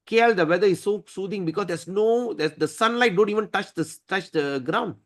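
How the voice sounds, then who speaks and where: A man teaching a devotional scripture class, emphatic and often clearing his throat. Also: high voice, a little fast.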